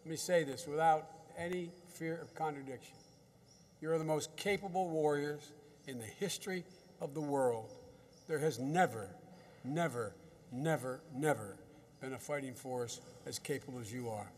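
A man's voice: on the high side, normal speed, darkish tone. Older man, folksy rambling speech, echoey hall. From United States. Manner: folksy and rambling, with restarts and repeated words. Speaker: government official addressing troops. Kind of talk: off-the-cuff ceremonial speech.

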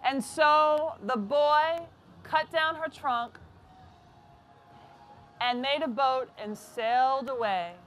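Storyteller: woman, high voice, unhurried, soft and deliberate read-aloud. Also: faint music behind.

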